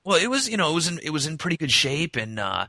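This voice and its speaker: A man's voice: fairly high pitch, big pitch swings, fast, pushed and bright, no room sound, studio quality. A man in his thirties telling a story in a loose, profane way, often laughing as he talks. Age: 30s. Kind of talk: casual storytelling.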